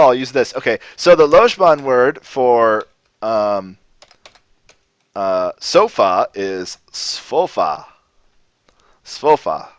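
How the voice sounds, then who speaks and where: Man, mid-pitched and smooth-voiced, teaching casually on a stream; rambles, restarts, dry and muffled sound. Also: dry recording. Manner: relaxed, rambling, self-correcting. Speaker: language teacher. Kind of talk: casual livestream lesson. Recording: dull lo-fi stream audio.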